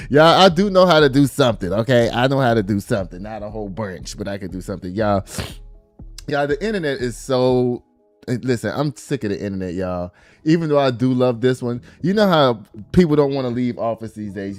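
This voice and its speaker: A man hosting a casual commentary vlog, chatty and profane, talking straight to his viewers. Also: mid-range voice.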